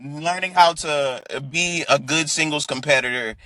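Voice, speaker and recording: A man's voice: fairly high pitch, measured pace, bright, forceful tone. A man being interviewed as a wrestler guest in a casual podcast, laughing often and restarting his sentences.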